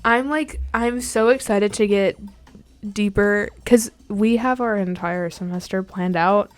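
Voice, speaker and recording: A young woman hosting a casual music podcast, bubbly and easily excited, wrapping up the episode with her co-host. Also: medium pitch, measured pace. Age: young adult. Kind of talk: casual chat.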